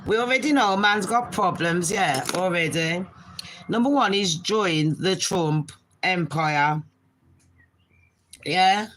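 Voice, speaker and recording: A British woman in her forties hosting a casual live stream from her bedroom, talking fast and swearing freely as she chats to her viewers and calls them babes. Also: on the low side, fairly bright tone, a little hiss or hum, poor audio. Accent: British English.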